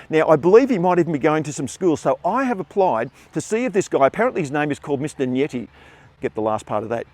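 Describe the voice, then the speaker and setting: An older man with an Australian accent, a former teacher telling a classroom story in a lively way and acting out the voices. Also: a little high, fast talker, no echo. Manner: animated storytelling, acts out quotes. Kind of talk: spoken storytelling.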